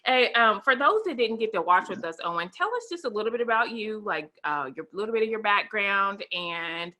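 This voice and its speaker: A woman hosting a casual talk show, speaking in an animated, emphatic way and laughing easily. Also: medium pitch, brisk. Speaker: host.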